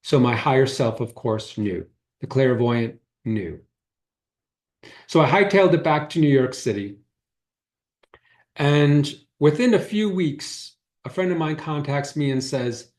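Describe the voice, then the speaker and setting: A man's voice: medium pitch, expressive, unhurried, darkish tone. A man, a holistic healer, giving a talk and telling an earnest, reflective story about his own past. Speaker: holistic healer teaching a workshop. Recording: roomy echo.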